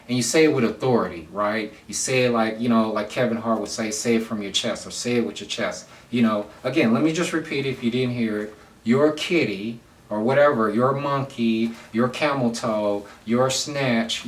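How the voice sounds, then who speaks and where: A man's voice: medium pitch, far from the mic. A man vlogging casual advice to camera, rambling loosely with lots of fillers and repeats. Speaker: vlogger giving dating advice. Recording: roomy sound from away from the mic.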